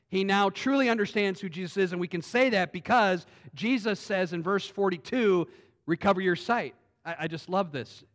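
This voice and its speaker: Guy preaching, slightly high voice, talks like he's chatting, loud bits then quiet asides, lots of restarts. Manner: conversational, swings between loud emphasis and quiet asides; frequent restarts and repetitions. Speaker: pastor. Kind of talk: sermon.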